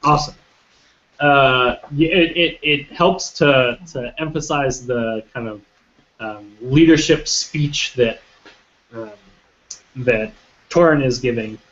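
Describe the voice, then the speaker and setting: Halting male game master. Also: mid-range voice, fairly bright tone, lo-fi sound. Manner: hesitant, many ums and restarts. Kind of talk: narrating a tabletop game.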